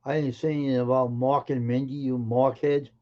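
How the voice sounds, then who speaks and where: A man of middle pitch hosts a live stream, greeting viewers by name in casual chat. He teases them in an offhand way, and the sound is dull and lo-fi. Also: flat delivery, brisk, a little mellow.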